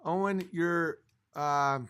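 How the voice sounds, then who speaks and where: Man, high-pitched voice, livestream host, heated profane rant, a few drinks in. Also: takes it slowly, a bit bright, clean tone. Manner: profane, heated ranting, reads chat aloud. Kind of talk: late-night livestream rant.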